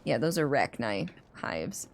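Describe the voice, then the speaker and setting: A woman's voice: extremely low pitch, very animated, unhurried, slight background noise. A woman streaming a game, chatting casually with viewers, rambling with frequent restarts. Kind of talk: casual chat while playing and reading chat aloud.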